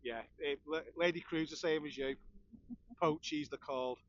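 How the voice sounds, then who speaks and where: A man's voice: fairly high pitch, moderate pace, a bit bright, muffled recording. A man with a Scouse accent, chatting and ranting with a laugh as he hosts a live stream. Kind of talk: casual chat.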